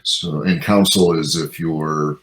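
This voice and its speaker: Very deep-voiced hesitant male player. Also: steady tone, slow, fairly bright tone, low-quality recording. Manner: hesitant, thinks aloud. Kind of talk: casual tabletop chat.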